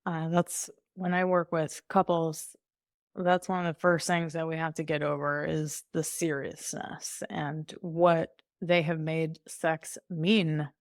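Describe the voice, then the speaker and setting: Brief candid woman guest coach, slightly low voice, dry close sound. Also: level tone, slow, dry recording. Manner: breezy and candid, laughs often, slips into playful voices. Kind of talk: conversational podcast interview.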